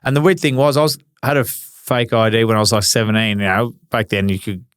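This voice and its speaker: Australian male guest, forties, smooth resonant voice, relaxed storyteller who swears and laughs through his anecdotes, dry close sound. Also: on the low side, fairly quick, dry recording. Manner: laid-back, swears freely, laughs through stories. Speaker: guest, retired footballer. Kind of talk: casual storytelling interview.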